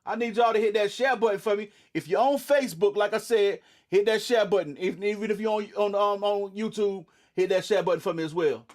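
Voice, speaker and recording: High-voiced man chatting on a livestream. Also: fairly even intonation, brisk, hardly any pauses, darkish tone. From eastern North Carolina. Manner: laid-back, repeats "you know what I'm saying". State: sleepy. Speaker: livestream host. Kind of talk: casual livestream chat greeting viewers.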